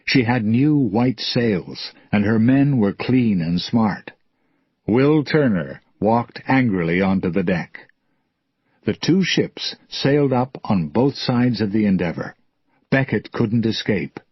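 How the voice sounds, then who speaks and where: Slow husky guy reading a story for english learners, dry muffled recording. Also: on the low side, lively intonation, dry recording. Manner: clear, deliberate. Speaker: narrator. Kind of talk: slow graded-reader story narration.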